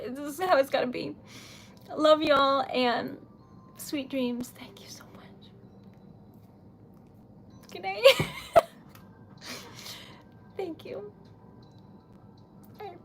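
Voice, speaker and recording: Young woman, high voice, unhurried, giggly and choked up, slight hiss behind. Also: a bit bright. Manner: giggly, emotional, tearful gratitude. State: losing her voice. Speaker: livestream host. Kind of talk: casual livestream chat. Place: home at midnight.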